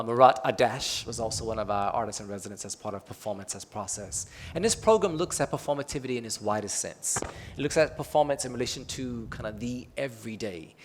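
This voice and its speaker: A man's voice: mid-range voice, a little hiss or hum. A man speaking on a panel at an arts event in a loose, conversational way, with many filler words. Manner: relaxed and loose, with frequent "um" and "kinda" fillers. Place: public talk at an arts event.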